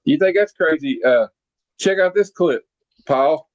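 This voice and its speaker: A man's voice: a little high, dull audio. A man hosting a casual movie-review podcast, talking in a loose, rambling way with many fillers. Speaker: podcast host.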